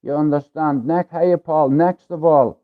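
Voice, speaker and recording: A man from Ireland telling a rough story on his livestream, blunt and full of swearing, in a casual streetwise way. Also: fairly high pitch, steady tone, a little slow. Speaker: livestream host. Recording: tinny phone-like livestream audio.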